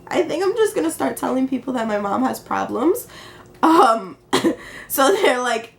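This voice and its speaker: A woman's voice: fairly high pitch, very animated, normal speed, gravelly. A young adult woman vlogging casually into her phone. She tells an exasperating story with laughter and quoted back-and-forth. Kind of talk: casual chat. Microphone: handheld phone camera.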